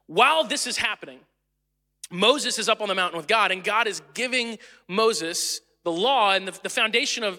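A man's voice: high-pitched, pushed and bright, long reverb tail. A young man preaching a sermon in a church, casual and joking, acting out the voices in the stories he tells. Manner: casual, joking storyteller who acts out quotes. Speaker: pastor. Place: church auditorium.

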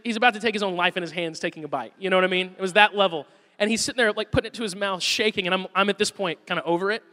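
Male pastor, 30s, high bright voice, animated storyteller; long hall reverb. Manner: lively storyteller, acts out his kids' voices. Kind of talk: sermon with a personal story.

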